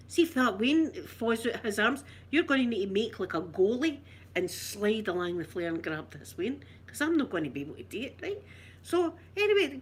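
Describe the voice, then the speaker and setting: A woman's voice: medium pitch, a bit bright. A middle-aged Scottish woman telling a story casually, acting out the people she quotes.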